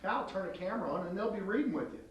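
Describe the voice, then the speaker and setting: A man's voice: sits high, animated, racing, highs cut off. A man coaching an actress through an audition tape, blunt and direct, acting out lines as he goes. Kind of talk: coaching an actor at an audition taping. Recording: echoey room, mic far off, faint hiss.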